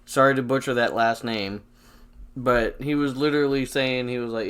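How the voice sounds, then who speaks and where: A man co-hosting a casual podcast, excitable and profane, often laughing at his own jokes. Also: mid-range voice, normal speed, clean tone. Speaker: podcast co-host.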